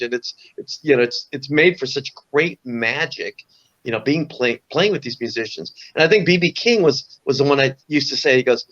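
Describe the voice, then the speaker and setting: A man in his sixties from Orange County, California, guests on a casual interview, rambling through musician stories with frequent "you know"s and repeats. His mid-range voice is a bit bright, with the highs cut off.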